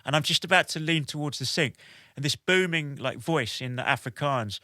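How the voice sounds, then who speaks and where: A British military veteran, guesting on a podcast, tells lively anecdotes in an animated style full of "like" and "basically" fillers. His voice is a little high, fairly quick with few pauses, and the recording is dry and studio quality.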